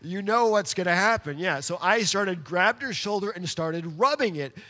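A man preaching a sermon, telling a personal story in an animated way and speaking directly to his congregation. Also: sits high, normal speed. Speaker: pastor. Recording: long hall reverb.

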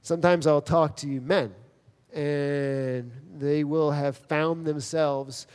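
Pastor, male, slightly high voice, earnest emphatic sermon delivery, long hall reverb. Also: fairly even intonation, darkish tone, smooth. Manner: earnest, emphatic preaching with dramatic pauses.

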